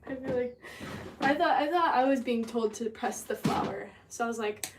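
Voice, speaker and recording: A young woman with a slightly high voice chats casually on a livestream while making pottery. She talks to her viewers and thanks them for gifts as she works. A clear hiss of noise sits behind her voice. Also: fairly even intonation, moderate pace, long pauses. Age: 20s.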